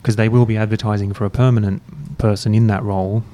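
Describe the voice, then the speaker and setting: A man hosting a podcast, chatting in a relaxed, rambling, self-mocking way while drinking beer. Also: fairly low pitch, fast. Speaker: podcast host. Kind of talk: casual chat. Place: university room, drinking beer.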